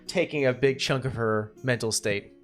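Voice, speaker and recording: Male game master, tabletop narration, halting speech, faint background music. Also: medium pitch. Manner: halting, many "uh"s.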